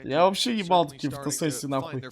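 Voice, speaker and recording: A man's voice: a little high, fast talker. A man streaming a match, ranting and swearing in exasperation, tired after no sleep. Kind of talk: casual stream commentary.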